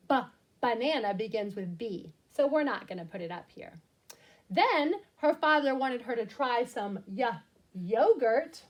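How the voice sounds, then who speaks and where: A woman's voice: a little high, breathy edge. A woman teacher reading a picture book aloud to young children, explaining words simply and with expression.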